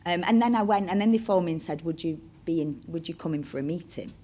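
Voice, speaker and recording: Chatty Northern woman, lowish voice. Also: fast talker, mellow, slight background noise. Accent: Northern English, Bolton. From Bolton, Northern England. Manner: chatty, digressive storyteller who acts out quoted voices. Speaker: actress, interview guest. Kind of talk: onstage interview, anecdotal chat.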